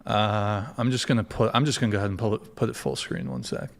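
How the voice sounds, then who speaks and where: A man's voice: on the low side, very animated, quick pace, gravelly. A man hosting a podcast, chatting casually and rambling with many fillers while reacting to a clip. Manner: rambling, filler-heavy, restarts. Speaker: podcast host.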